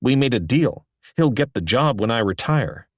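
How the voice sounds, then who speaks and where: A man's voice: medium pitch, lively intonation, normal speed, slightly rough, dry recording, clean studio sound, pitched above the performer's own voice. A man voicing a stiff male company chairman who talks in a clipped manner. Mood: forceful.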